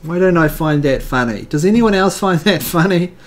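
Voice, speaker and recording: Man, higher pitch, rambling, wry, casual joke commentary. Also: lively intonation, normal speed. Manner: rambling and wry, with fillers and self-corrections. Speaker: video host reading jokes.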